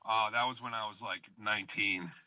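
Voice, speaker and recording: A man's voice: lowish voice, steady tone, a little fast, sharp tone, no echo. A man in his late thirties telling self-deprecating stories in casual podcast chat, swearing casually. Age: 30s.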